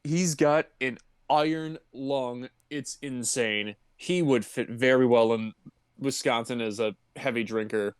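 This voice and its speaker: A man's voice: medium pitch, unhurried, smooth, no room sound, clean studio sound. A man co-hosting a podcast, casually recapping a movie in a laid-back, joking way and laughing often. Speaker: podcast co-host.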